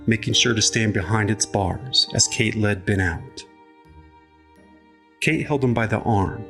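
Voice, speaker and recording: A man narrating an audiobook chapter in a measured, even storytelling manner. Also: fairly low pitch.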